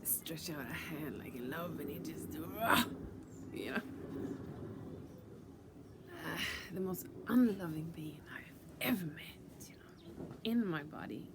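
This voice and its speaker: A woman's voice: low-pitched, animated, slow pace, long pauses, very noisy. A woman vlogger telling a personal spiritual story, intense and profane, often dropping into a whisper and repeating herself. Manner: many restarts and repeated words.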